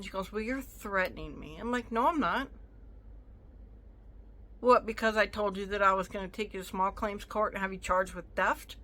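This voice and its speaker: A woman's voice: mid-range voice, sharp tone. A woman telling a storytime rant to her viewers, indignant and sassy, acting out both sides of an argument. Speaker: vlogger.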